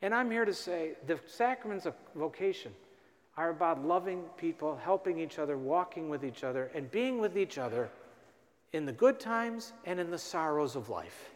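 Animated priest in a reverberant church. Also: male voice, fairly high pitch, normal speed. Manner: animated, acts out dialogue with rising emphasis. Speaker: priest giving a parish mission. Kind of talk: storytelling sermon. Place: large church.

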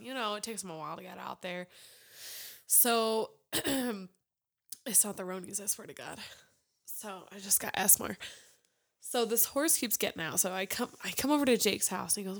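A woman's voice: medium pitch, moderate pace. A young woman chatting casually among friends, telling long stories with lots of swearing. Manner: animated storyteller, swears freely. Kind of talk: casual chat.

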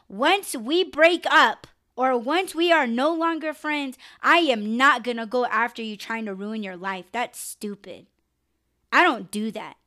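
A young woman hosting a live podcast, venting bluntly and with lots of swearing. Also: fairly high pitch. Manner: blunt, profane, animated venting. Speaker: podcast host. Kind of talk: casual live podcast rant.

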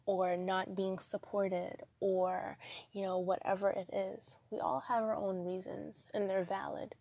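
A young woman speaks slowly and deliberately in an earnest motivational talk, repeating her points for emphasis. Her voice sits at a middle pitch and is recorded dry and close. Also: a little mellow, slightly rough, dry recording.

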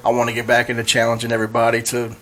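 A man's voice: mid-range voice, completely flat delivery, rapid-fire, a bit bright. Earnest podcast co-host, man. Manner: earnest, many fillers. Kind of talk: casual chat.

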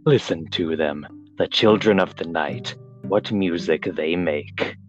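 A man voicing a grim old male vampire count in a slow, low delivery, read aloud from a novel. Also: muffled recording, faint music behind.

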